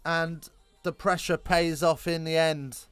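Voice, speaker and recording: A man calling a live rugby game, chatty and self-correcting, lifting into excited bursts on big plays. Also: on the high side, a little slow, clear, resonant tone, dry recording, soft background music. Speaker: rugby commentator. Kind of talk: live alternative play-by-play commentary.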